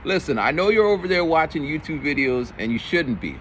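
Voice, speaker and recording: Animated man in his forties telling stories. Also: fairly quick, slight background noise. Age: 40s. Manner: animated, jumps into high voices for quoted kids. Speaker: middle school teacher. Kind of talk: casual storytelling vlog.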